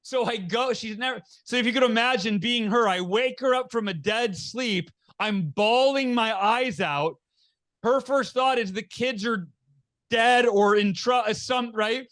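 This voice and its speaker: A middle-aged man speaks as a podcast guest in a high, bright voice. He tells his story with earnest energy, often restarting his sentences and acting out the dialogue he quotes. The sound is a close podcast mic. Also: unhurried. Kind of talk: candid storytelling in an interview.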